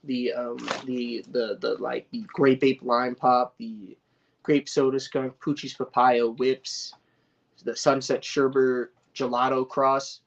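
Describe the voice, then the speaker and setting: A man's voice: mid-range voice, flat delivery, takes it slowly, creaky. Rambling, swearing man on a dull lo-fi stream. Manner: rambling, profane, restarts and slang. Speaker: cannabis grower streaming to viewers. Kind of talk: casual livestream chat.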